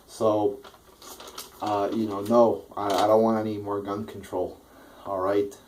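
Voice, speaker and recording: A man's voice: lowish voice, little pitch movement, a little slow, darkish tone, a little hiss or hum, low-quality recording. A man delivering a blunt, profane political rant, rambling with many restarts. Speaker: political vlogger.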